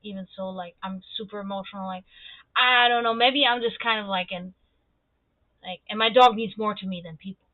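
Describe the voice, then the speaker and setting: A woman streamer talking bluntly and profanely in a casual, animated monologue. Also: mid-range voice, fairly quick, no room sound. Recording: tinny phone-like audio.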